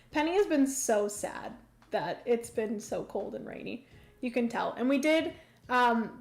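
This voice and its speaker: Slow, chatty woman streaming board games. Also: fairly high pitch. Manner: chatty, fills with hums and ums. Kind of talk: casual livestream commentary.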